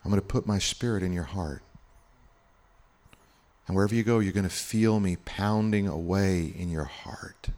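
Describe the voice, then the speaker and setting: A man voicing a tender, loving Jesus who speaks softly and gently to a child during a guided meditation. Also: low-pitched, normal speed, pauses often, natural voice. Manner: soft, hushed and gentle.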